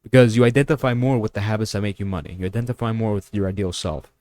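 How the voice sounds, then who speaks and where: Blunt, preachy young man, low voice. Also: quick pace, a little mellow, dry recording. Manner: blunt, preachy, fires rhetorical questions; crude, provocative asides. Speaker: vlogger giving money and mindset advice. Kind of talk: casual talking-head monologue.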